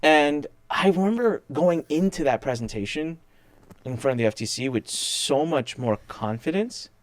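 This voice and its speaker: A man's voice: on the high side, normal speed, no room sound. A man telling a story in casual chat as a guest, acting out the people he quotes and often restarting his sentences. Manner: animated, acts out quoted people, many restarts.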